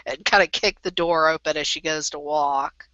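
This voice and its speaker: A woman narrating a tabletop game as game master, relaxed and profane. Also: sits low, moderate pace, dry recording. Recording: dull lo-fi voice chat.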